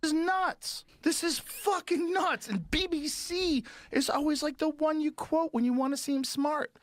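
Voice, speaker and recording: A man talking casually in an animated, mocking way, swearing a lot. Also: extremely high pitch, a little slow, no echo.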